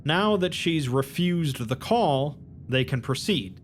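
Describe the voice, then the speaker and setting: A man narrating a summary of a story in a measured, plain storytelling manner. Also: fairly high pitch, lively intonation, soft background music.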